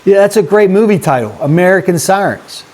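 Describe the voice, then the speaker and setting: A man's voice: high voice, lively intonation, brisk, darkish tone. A man hosting a casual vlog, rambling and chatty as he talks straight to his viewers. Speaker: YouTube host.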